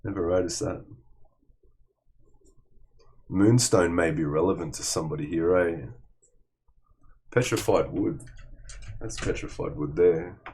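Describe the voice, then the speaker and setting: A man's voice: deep voice, measured pace, long pauses, darkish tone, slight background noise. A man giving a casual tarot reading, blunt and profane, often calling the listener "man". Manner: blunt, swears freely, calls listener "man". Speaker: tarot reader.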